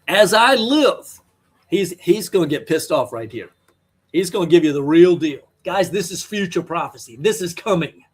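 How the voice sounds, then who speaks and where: A man preaches in a fairly high, husky voice. He is emphatic and blunt and scolds his listeners as he teaches from scripture in an online sermon. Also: expressive, moderate pace, darkish tone. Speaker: Bible teacher.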